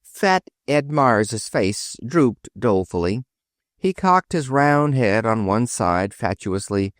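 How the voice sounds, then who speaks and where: A man narrating an audiobook with expressive storytelling. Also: medium pitch, slow, no echo, studio quality. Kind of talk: scripted narration.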